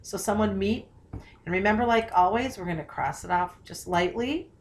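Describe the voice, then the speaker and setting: A woman's voice: mid-range voice, slight background noise. Patient woman teaching a spelling lesson. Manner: slow, careful sounding-out of words with frequent check questions. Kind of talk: recorded spelling tutorial.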